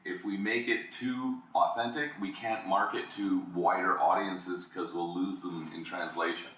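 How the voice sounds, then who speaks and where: A man's voice: sits low, steady tone, normal speed, fairly bright tone, recorded from a distance. A man co-hosting a casual podcast, telling rambling stories and dropping into brief voice impressions. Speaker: podcast co-host. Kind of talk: casual chat. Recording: dull lo-fi sound in an echoey room, off mic.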